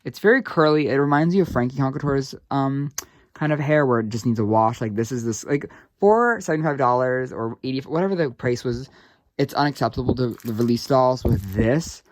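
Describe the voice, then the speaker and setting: A young man giving a casual doll unboxing review, excitable and gushing, with lots of fillers. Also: medium pitch, a little fast, no room sound, studio quality.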